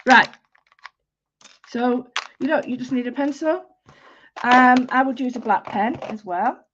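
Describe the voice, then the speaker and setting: A woman with a broad Mancunian accent chats her way through a live-stream drawing lesson, rambling along and calling out viewers by name. Her voice sits slightly high. The audio is dull and lo-fi. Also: measured pace, noisy background. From Manchester, England. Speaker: art teacher hosting a live stream.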